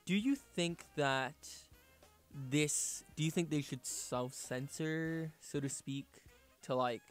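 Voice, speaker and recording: A man's voice: a little high, slow, faint music behind. A young man hosting a student radio talk, steering the panel with questions.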